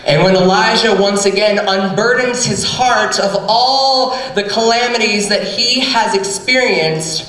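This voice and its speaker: A man's voice: high voice, measured pace, few pauses, fairly bright tone. A man, a pastor, retelling a Bible story with flamboyant, campy comedic asides. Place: theatre stage. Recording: echoey stage heard from far off.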